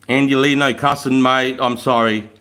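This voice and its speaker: A middle-aged Australian man hosts a laid-back livestream from home beside a wood fire, reading out viewer comments and chatting. He laughs easily, swears freely, and says "mate" and "bro" a lot, in a mid-range, fairly bright voice.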